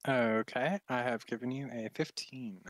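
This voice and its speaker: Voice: mid-range voice, unhurried, dry recording. A player in a tabletop game speaking in character, easygoing and amused. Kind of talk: tabletop role-play.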